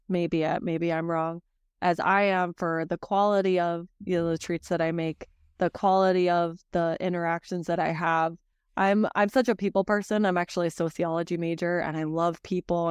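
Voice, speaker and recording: A woman's voice: on the low side, smooth, no echo, clean studio sound. A woman who runs a small dog treat business, talking as a podcast guest in an emotional, rambling way. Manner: warm-hearted, emotional, rambling with restarts. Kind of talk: casual conversational storytelling.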